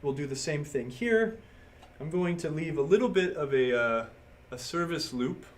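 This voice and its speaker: A man with a slightly higher voice narrates a hands-on electronics repair live, loose and conversational. He explains each step as he works at the bench. A faint noise sits under the recording. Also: lively intonation, moderate pace. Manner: casual, step-by-step narration while working, reads chat. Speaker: livestream host doing pinball repair. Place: workbench.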